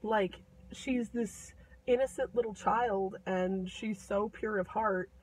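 A woman voicing a wise old woman who is calm and unbothered and speaks slowly and softly. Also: mid-range voice, distant mic, a little hiss or hum, close to an everyday voice, rough recording.

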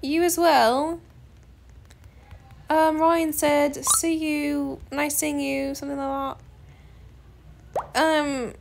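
A woman's voice: sits high, flat delivery, extremely slow, vocal fry, pauses often, a little hiss or hum. A young woman hosting a gaming video, chatting casually and hesitantly with lots of fillers. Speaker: gaming channel host. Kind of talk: casual gameplay chat.

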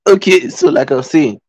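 In Qatar, a motivational speaker with a lowish, warm voice gives a live-streamed talk on a rough recording. He's earnest and pleading, repeating his phrases and checking in with his listeners again and again.

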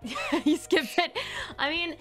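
A young woman hosting a casual chat stream, rambling in an animated way and slipping into playful put-on voices. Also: very high-pitched, a little slow, faint music behind. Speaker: streamer host.

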